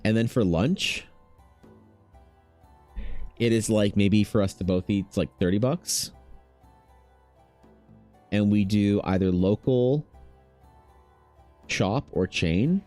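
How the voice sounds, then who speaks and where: Taking it slowly and pausing often, this streaming artist talks in a lowish, mellow voice over faint background music. He chats on his livestream in a relaxed, slang-heavy, rambling way.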